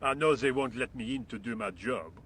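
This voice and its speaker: A man's voice: medium pitch, a little fast, fairly bright tone, slight background noise, lightly acted. An actor playing a lazy, indifferent workman with a French accent, speaking in a dry, languid, sarcastic way in a video game.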